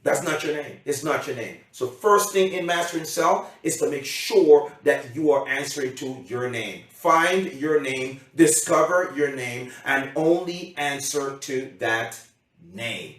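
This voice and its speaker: A man's voice: a little high, a bit bright. A man giving an emphatic motivational seminar talk as a coach, often repeating himself and checking that his audience understands. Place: seminar room. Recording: heavy echo, from a distance.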